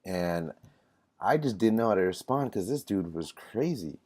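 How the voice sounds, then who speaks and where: Deep-voiced young man rambling. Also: animated, moderate pace, darkish tone. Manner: rambling, filler-heavy, self-correcting. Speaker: vlogger. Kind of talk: casual storytelling to camera.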